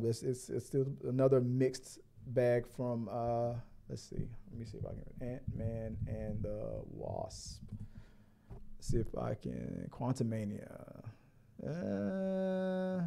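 A man's voice: mid-range voice, gravelly, mellow. A man hosting a casual podcast, rambling and joking as he restarts his words. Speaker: podcast host. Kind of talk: casual chat.

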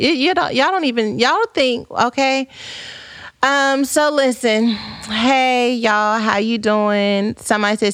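A woman's voice: medium pitch, a bit bright, no echo, studio quality. A woman podcast host chatting casually and playfully, reading out viewer comments and rambling through folksy, church-flavored asides.

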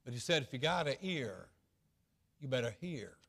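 A male pastor preaching a sermon in a folksy, repetitive way, swinging between loud stretches and hushed ones. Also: mid-range voice, big pitch swings, normal speed, gravelly, husky, in a large hall.

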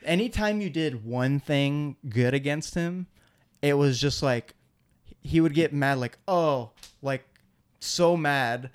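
A man with a smooth, resonant voice chatting casually on a podcast. He tells stories animatedly, leans on "like," and keeps things light. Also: slow. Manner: animated storyteller, many "like" fillers, jumps into high mimicking voices. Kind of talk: casual chat.

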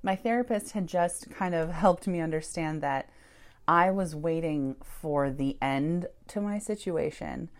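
A woman with a slightly low voice tells a personal story in an interview, candid and animated. She swears freely and laughs between thoughts as she recounts how she came to start a church. Her voice rises sharply when she acts out her own reactions. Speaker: church founder and pastor.

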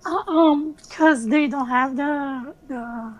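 A woman from Brazil joining a podcast chat, soft-spoken and hesitant. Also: high voice, takes it slowly, low-quality recording. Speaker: podcast co-guest. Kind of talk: casual chat.

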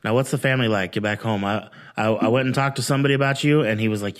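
A man's voice: on the low side, rapid-fire. A man hosting a casual podcast interview, asking eager questions and often chiming in with agreement. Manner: eager, upbeat questions and frequent affirmations. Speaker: podcast host.

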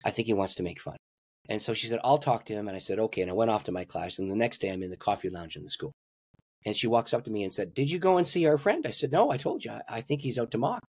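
Older male pastor, lively storyteller, slightly husky, dry close mic. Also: fast talker, no echo. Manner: animated storyteller, acts out dialogue with big pitch swings. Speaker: pastor and guest. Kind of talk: storytelling in a podcast interview.

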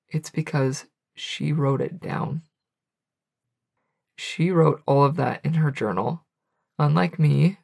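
Gravelly-voiced woman podcast host. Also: sits low, a little mellow. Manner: earnest, confessional. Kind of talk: reflective podcast monologue with book readings.

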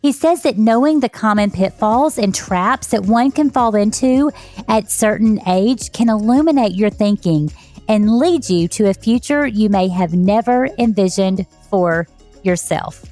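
A Texan woman hosts a podcast interview, effusive and enthusiastic as she introduces her guest and asks questions. Her pitch sits in the usual middle range for a woman, and faint music plays underneath her voice. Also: unhurried, mellow. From Texas. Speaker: podcast host.

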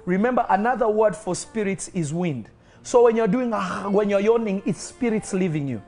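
With faint music behind him, an animated, mid-range-voiced pastor leads a deliverance prayer on live stream. He alternates commanding declarations with tongues, swelling loudly and fervently, then dropping to rapid murmurs.

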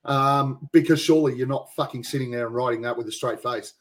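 A man's voice: medium pitch, a little fast. An Australian man hosting a podcast, laughing and swearing through casual banter. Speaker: podcast host. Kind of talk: casual chat.

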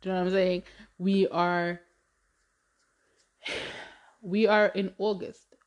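A woman's voice: on the low side, little pitch movement, takes it slowly, pauses often. Chatty woman podcast host. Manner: chatty, rambling, laughs often, says "like" a lot. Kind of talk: casual solo podcast chat.

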